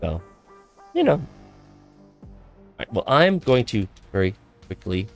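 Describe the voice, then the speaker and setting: Male stream host, excitable and giggly, stumbles over words, pitch swinging widely, mid-range voice. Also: takes it slowly, soft background music. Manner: excitable, laughs often, trips over words. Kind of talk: casual livestream chat.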